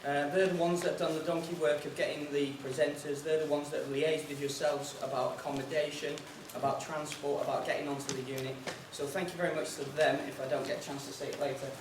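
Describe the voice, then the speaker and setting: Speaking quickly with few pauses, the seminar's organiser and host has a slightly high voice and a flat delivery. He chats his way through an anecdotal joke and some housekeeping notes, storyteller-fashion. It's a noisy, distant recording of a roomy hall, a conference room on an air base.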